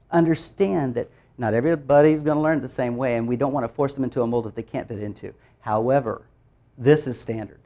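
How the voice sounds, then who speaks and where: A man training teachers in a workshop, talking lively and sounding out letter sounds for them. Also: medium pitch. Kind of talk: workshop presentation.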